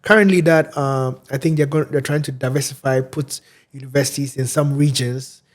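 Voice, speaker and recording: A man from Ghana, a guest in a casual interview, explaining things unhurriedly with many fillers and pauses. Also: mid-range voice, fairly even intonation.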